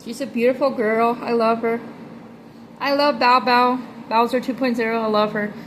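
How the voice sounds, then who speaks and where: A woman filming a casual pet vlog at home, rambling affectionately and slipping into high baby talk. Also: steady tone, normal speed, a little hiss or hum, poor audio. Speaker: pet vlogger. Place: home room by a reptile enclosure.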